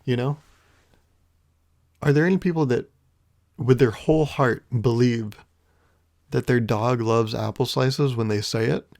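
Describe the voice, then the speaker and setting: Man, podcast host, casual monologue, gravelly, mid-pitched, wry, rambling, casually profane. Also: measured pace, pauses often, darkish tone. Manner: rambling, wry, swears casually with frequent chuckles.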